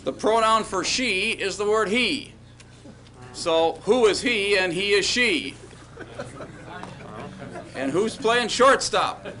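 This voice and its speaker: In this classroom lecture, the Hebrew grammar teacher has a high, sharp, animated voice and speaks slowly with long pauses. He leads his students in repeating words after him, frequently checking in with "okay" and "all right."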